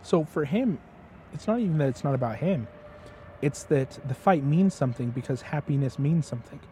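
A man's voice: fairly high pitch, lively intonation, brisk, mellow, slight background noise. A man chatting as his father's guest, retelling a story with passion and often stumbling over repeated words. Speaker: guest, host's son. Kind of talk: casual storytelling chat.

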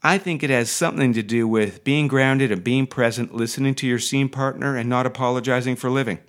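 A man's voice: medium pitch, a little fast. A man teaching acting on a podcast, talking casually and enthusiastically, with restarts and digressions. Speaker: acting coach.

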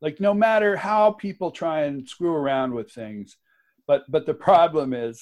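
A man's voice: on the high side, expressive, moderate pace, a little mellow. A man speaking as a guest author and activist in an interview, talking with passion and emphasis, laughing often and restarting his sentences. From United States. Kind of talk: conversational interview.

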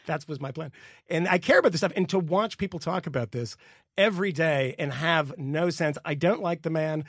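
A man on a podcast going on an animated, exasperated rant, swearing and laughing as he talks. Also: fairly high pitch, moderate pace, dry recording, clean studio sound. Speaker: podcast co-host. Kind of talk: casual political rant.

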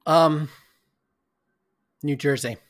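A man with a slightly raised pitch speaks as a podcast guest. He is candid and reflective, with a wry edge, and talks at an easy interview pace. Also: very slow, heavy background noise. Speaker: game designer guest. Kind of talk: casual interview talk.

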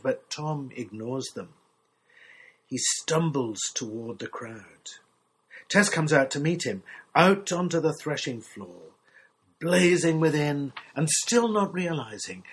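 A man reading a literary short story aloud in a measured, expressive storytelling manner. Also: on the high side, husky, low-quality recording. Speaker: story reader.

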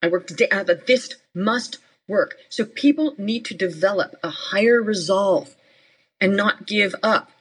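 A middle-aged woman business coach, guesting on a podcast, gives motivational interview talk in a husky, medium-pitched, unhurried voice. She's emphatic and matter-of-fact, speaking in short, punchy commands, and the recording is rough.

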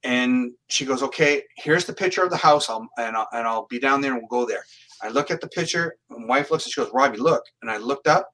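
A man's voice: medium pitch, brisk, bright, forceful tone, low-quality recording. A man from Canada, a psychic medium guest in an interview, telling his stories in an earnest, plain-spoken way and often restarting his phrases. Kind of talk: storytelling in an interview.

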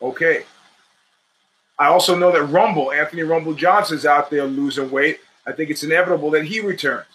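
A man's voice: a little high, fairly quick, a bit bright, a little hiss or hum, poor audio. A man hosting his own show, talking through fight predictions in a rambling, opinionated, profane monologue. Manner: rambling, opinionated, restarts mid-sentence; profane, streetwise talk. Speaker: podcast host. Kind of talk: casual sports commentary monologue.

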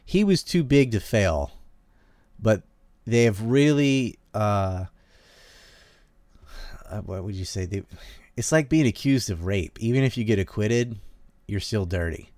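Low-voiced Southern-raised man rambling. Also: animated, unhurried, pauses often, darkish tone, no room sound, clean studio sound. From American South. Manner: rambling, trails off and restarts, laughs often. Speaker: podcast host. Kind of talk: casual political chat.

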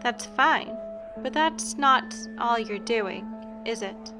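A woman voicing a sly fae man who poses as a bartender, speaking low, quiet and knowing. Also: expressive, slow, music in the background. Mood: menacing.

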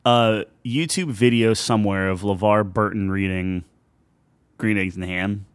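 A man's voice: on the low side, a little slow, clear, resonant tone, dry recording. A man in his thirties co-hosting a casual chat, rambling and cutting himself off, often laughing. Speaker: podcast co-host.

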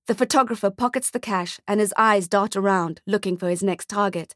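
A woman narrating a dark-humoured short story audiobook in a measured, scripted reading. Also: medium pitch, dry recording, studio quality.

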